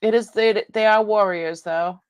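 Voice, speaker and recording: A woman's voice: mid-range voice, steady tone, unhurried, clean tone, no echo. A woman hosting a live online jewelry sale, chatting casually with viewers and rambling, often breaking off mid-sentence. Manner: chats with viewers reading comments.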